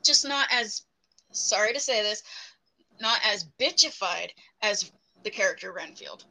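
A woman's voice: medium pitch, animated, measured pace, vocal fry, bright, forceful tone, rough recording. A woman co-hosting a podcast, chatting casually and teasing her co-host with joking asides. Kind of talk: casual movie review chat.

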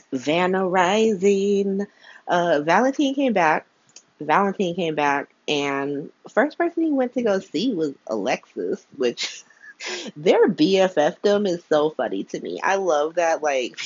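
This podcast host, a woman with a low, darkish voice, runs through a soap opera recap with slang, frequent laughs and blunt takes. The recording is dry, a bit dull and lo-fi.

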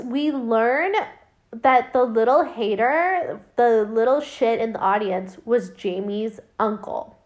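A woman recapping a film in casual chat, rambling with lots of fillers and swearing, her voice worn and her throat dry. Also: fairly high pitch. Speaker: podcast host recapping a film.

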